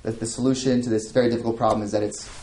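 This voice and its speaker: Brief: male Bible teacher, mid-pitched, conversational, reads a passage then explains it, lots of restarts. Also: flat delivery, rapid-fire, background noise. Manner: conversational, with frequent restarts and asides; reads scripture aloud then comments. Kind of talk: verse-by-verse Bible study teaching.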